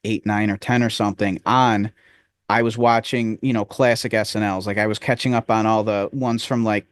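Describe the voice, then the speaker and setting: A man's voice: on the low side, steady tone, normal speed, dry recording. A man co-hosting a podcast, talking in loose, rambling casual chat. He cracks jokes as he goes and sometimes drops into goofy impressions. His voice sounds dry and close to the mic. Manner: rambling, jokey, slips into silly impressions. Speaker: podcast co-host.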